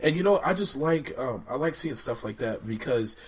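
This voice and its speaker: A man's voice: medium pitch, animated, moderate pace, a crowd in the background. A man co-hosting a podcast in casual chat, stuffy and congested, laid-back and repeating himself for emphasis. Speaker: podcast co-host.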